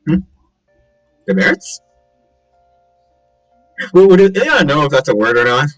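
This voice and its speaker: A man's voice: fairly high pitch, very animated, measured pace, poor audio. A man playing in a tabletop game, chatting in a playful, giggly way, with faint music behind. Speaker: player. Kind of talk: casual tabletop game chat.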